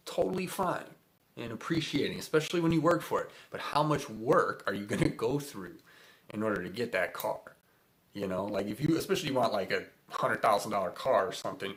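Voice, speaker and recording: A man's voice: mid-range voice, a bit bright. A man hosting a casual spiritual talk, rambling with many fillers and frequent chuckles. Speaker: spiritual host.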